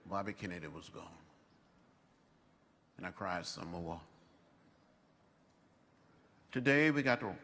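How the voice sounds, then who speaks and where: Old guy in his 70s giving a fired-up commencement speech, short punchy repeated lines, pitch swinging all over, long echo off the pa. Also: creaky, sharp tone. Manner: impassioned preacher-like oratory in short repeated phrases. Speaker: commencement speaker. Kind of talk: commencement address. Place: large outdoor ceremony over loudspeakers. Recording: long reverb from a public address system.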